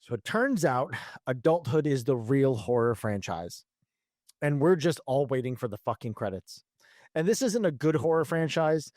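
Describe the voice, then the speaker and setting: A man's voice: medium pitch, darkish tone, no room sound, studio quality. A man in his thirties co-hosting a casual podcast, rambling and swearing with frequent restarts and laughs. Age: 30s. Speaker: podcast co-host. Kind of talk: casual chat.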